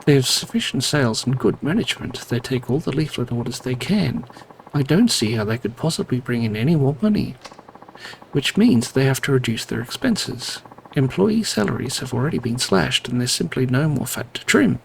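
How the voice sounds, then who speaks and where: A man's voice: mid-range voice, lively intonation, moderate pace, creaky, a little hiss or hum, poor audio. Man reading as an earnest, stammering young boss.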